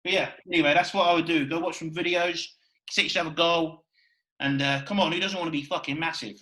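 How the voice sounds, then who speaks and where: A man hosting a casual podcast chat, excitable and swearing freely. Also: on the high side, fast talker, low-quality recording. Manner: excitable, swears a lot, repeats "you know what I mean". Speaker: podcast host.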